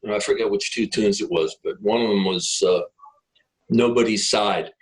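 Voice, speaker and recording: A man's voice: fairly low pitch, steady tone, normal speed, rough recording. A middle-aged man, a guest guitarist, telling rambling anecdotes in a casual interview, with many fillers and restarts.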